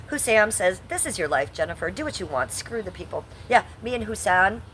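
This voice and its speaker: A woman in her fifties, casually streaming, reads comments aloud and bluntly snaps back, swearing combatively at hecklers. Her mid-range, slightly bright voice swings widely in pitch at a normal pace, with a little hiss or hum present.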